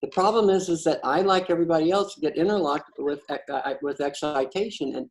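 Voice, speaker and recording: A man's voice: fairly high pitch, brisk, rough recording. A man talking in a casual, conversational storytelling style, blunt and profane, often stammering and restarting his sentences. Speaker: patio chat host.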